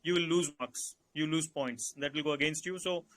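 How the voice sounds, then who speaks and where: A man with an Indian English accent giving calm, instructive interview advice and repeating his key points. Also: fairly high pitch, normal speed. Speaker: interview coach. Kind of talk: advisory Q&A session.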